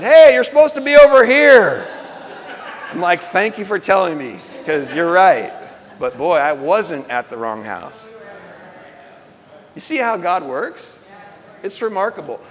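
A middle-aged man preaching, telling a story in a lively, animated way and acting out the voices he quotes. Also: a little high, long reverb tail. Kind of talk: storytelling sermon.

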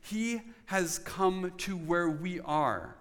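A man's voice: high-pitched, lively intonation, drawn-out words. Earnest male preacher in a reverberant hall. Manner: earnest, conversational preaching with audience questions. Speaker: pastor. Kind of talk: sermon.

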